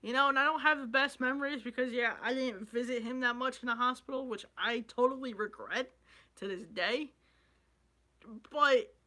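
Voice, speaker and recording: A man's voice: very high voice, bright, forceful tone. A young man vlogging in an emotional, rambling way, swearing freely as he talks about loss and his dreams. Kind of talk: emotional casual vlog talk.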